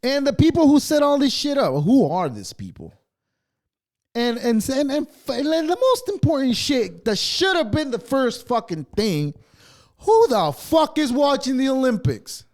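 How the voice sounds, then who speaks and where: Animated, profane male podcast host. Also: very high voice, unhurried. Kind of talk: casual ranting monologue.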